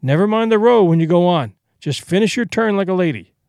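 A man's voice: high-pitched, expressive, brisk, darkish tone, dry recording, clean studio sound. A man voicing a brash young male vaudeville tramp comic who talks in boastful, breezy slang.

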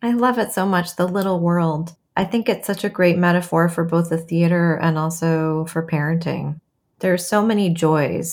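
A woman's voice: sits low, a little mellow. A woman playwright in an interview, speaking thoughtfully and acting out quoted voices with animation. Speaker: playwright and memoir author, guest. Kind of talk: reflective interview conversation.

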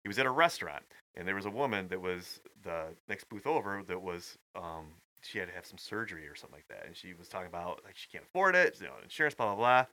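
A man co-hosting a casual podcast, talking in a rapid, animated way with loose swearing. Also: deep voice. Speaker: podcast co-host.

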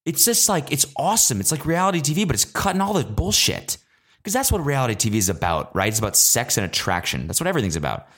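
A young man hosting a casual solo podcast, ranting with swearing and sudden high, exasperated outbursts. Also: big pitch swings, quick pace, a bit bright. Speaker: podcast host. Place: traveling abroad, recording while away.

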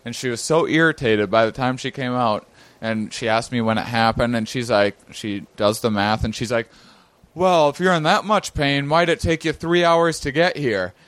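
A male comedian telling a rambling, animated story in casual chat, acting out the other people in it and laughing often. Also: mid-range voice, normal speed, no echo. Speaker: comedian guest.

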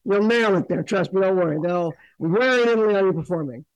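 A man's voice: high voice, quick pace, no echo, rough recording. A man hosting a talk show, interviewing a comedian with long, rambling questions. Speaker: radio show host.

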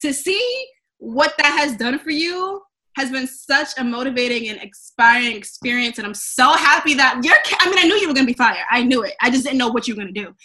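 A young woman with a high, bright voice chatting as a podcast guest. She tells stories animatedly, acts out what people said, and laughs often. It is loose, casual talk. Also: animated, fairly quick. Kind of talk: casual chat.

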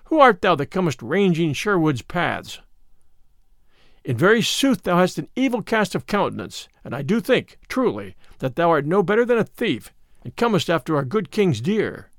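Guy doing a loud bossy yeoman, raised voice, lots of swing, dry sound. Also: high voice, big pitch swings, moderate pace, no echo. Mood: challenging. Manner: loud, boastful, old-fashioned speech. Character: big bold blustering outlaw yeoman.

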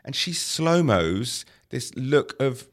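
A man's voice: mid-range voice, very animated, slow. A man reviewing a film on a casual podcast, telling the plot in a wry, sarcastic way with punchlines. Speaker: arts editor reviewing films.

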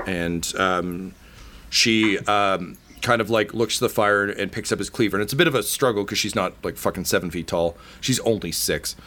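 Halting low-voiced game master narrating. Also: male voice, fairly bright tone. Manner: hesitant, many ums, casual swearing.

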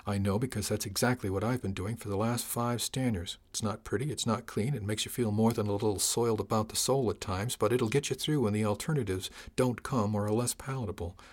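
A weary middle-aged starship captain with a lowish voice, as a male narrator plays him, speaking softly and quickly with plain, earnest candor. It is an audiobook character voice. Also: natural voice. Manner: soft, quick, earnest delivery.

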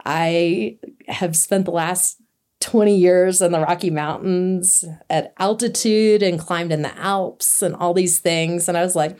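A woman telling a personal story in a casual, lively way, laughing now and then and acting out what was said. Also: lowish voice, measured pace. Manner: lively, laughs while telling, acts out quotes. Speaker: interviewee telling a hiking story.

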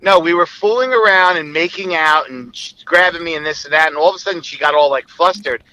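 Man, very bright tone, a bit high, rambling explicit storytelling, casual. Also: fairly quick, dry recording, rough recording. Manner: rambling, explicit, quotes others in a lowered voice.

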